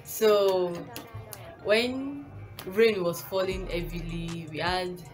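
A woman's voice: lowish voice, takes it slowly. A young woman with a Nigerian accent, telling a storytime as a vlogger, rambling and correcting herself, with frequent laughs. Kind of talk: casual storytime. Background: background music.

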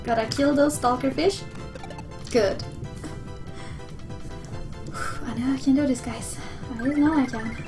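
A woman's voice: sits high, takes it slowly, long pauses, music in the background. A young woman streaming a platform game live, swearing freely and talking to her chat. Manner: swearing, excitable, talks to chat. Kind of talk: live gameplay commentary.

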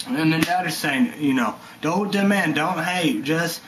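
A man's voice: a little high, unhurried, a bit bright, a little hiss or hum, low-quality recording. A man giving a rambling, heated vlog rant, swearing and leaning on "you know" and "stuff like that". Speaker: energy drink reviewer vlogger.

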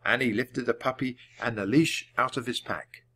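A man reading a children's chapter book aloud, clearly and deliberately, for language learners. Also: mid-range voice, sharp tone. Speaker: storybook reader. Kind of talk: storybook read-aloud.

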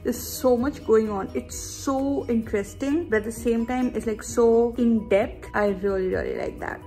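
A woman's voice: fairly high pitch, very animated, normal speed. A young woman, talking in a casual book vlog in a chatty, gushing way with many fillers. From India. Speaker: book vlogger. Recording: vlog with loud background music.

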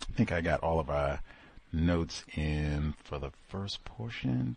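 A man's voice: extremely low pitch, lively intonation, unhurried, creaky, darkish tone, breathy edge. A man hosting a book club session, reading a memoir aloud with emphatic, exclaiming commentary. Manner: emphatic, exclaiming, conversational asides.

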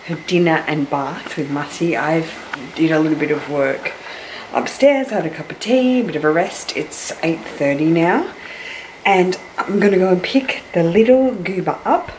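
A woman's voice: low voice, expressive, moderate pace, a little hiss or hum. A young Australian woman, a new mum, chatting casually and rambling to camera at home. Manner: chatty and rambling, hushed at times. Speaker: vlogger. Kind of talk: casual vlog chat.

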